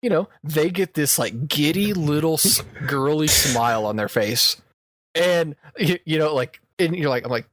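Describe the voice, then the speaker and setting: A man co-hosting a podcast tells a work story in casual conversation, laughing often along the way. His voice is fairly high and fairly bright, with lively intonation at a normal speed. The recording is dry, with clean studio sound.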